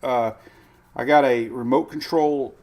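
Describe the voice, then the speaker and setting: A man's voice: medium pitch, steady tone, measured pace, darkish tone. Rambling man hosting a weather stream. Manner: rambling, thinks aloud with fillers. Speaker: weather show host. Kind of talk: casual livestream weather chat.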